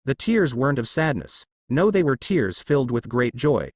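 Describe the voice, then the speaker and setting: A man narrates a fan-fiction story with a lively, rising-and-falling delivery. He reads every character in his own voice, close to a dry mic. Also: mid-range voice, normal speed, no room sound. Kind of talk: fan fiction read-aloud.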